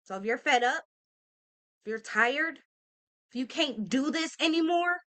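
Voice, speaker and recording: A woman's voice: high-pitched, lively intonation, measured pace, fairly bright tone. Earnest woman in her thirties, motivational vlog. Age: 30s. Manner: earnest, emphatic, addresses listeners directly with "y'all" and "okay?"; casual speech with slang and fillers. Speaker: motivational vlogger. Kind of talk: heartfelt motivational talk to camera.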